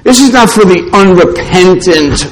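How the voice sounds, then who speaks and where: A male pastor delivering a sermon in a noticeably high voice. He speaks slowly and deliberately, driving each point home with short, repeated, scolding statements. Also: lively intonation, low-quality recording. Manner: emphatic, scolding preaching with repeated short declarations.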